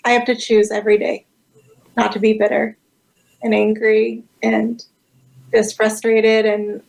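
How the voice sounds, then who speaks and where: Woman guest, really gravelly voice, kinda flat, calm and thoughtful. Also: fairly high pitch, poor audio. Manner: calm, reflective, measured. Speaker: interview guest, advocate. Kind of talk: casual interview answer.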